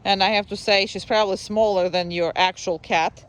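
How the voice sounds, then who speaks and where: A dog trainer giving a live training lesson outdoors, mixing short commands with calm explanations and sing-song praise. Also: medium pitch, smooth. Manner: brisk short commands mixed with coaching explanations.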